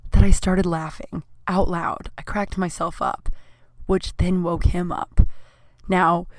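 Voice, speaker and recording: A woman comedian hosting her own podcast, telling a story in a candid, profane and self-mocking way, with plenty of filler words, recorded on a computer in a small warm room. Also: fairly low pitch, gravelly, no echo. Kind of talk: casual storytelling monologue.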